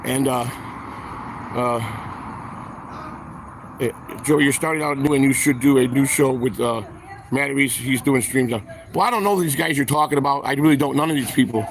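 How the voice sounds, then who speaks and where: A man's voice: medium pitch, moderate pace, vocal fry, long pauses, a little hiss or hum. A man hosting a walk-and-talk vlog outdoors, rambling with lots of fillers and stammered repeats, recorded on a handheld phone. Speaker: vlog host.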